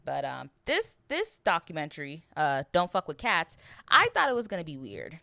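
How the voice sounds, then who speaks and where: A woman's voice: low-pitched, huge pitch swings, moderate pace, creaky, bright, forceful tone, dry recording, clean studio sound. A young woman hosting a casual solo podcast, talking in an emotional, rambling way with some swearing. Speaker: podcast host.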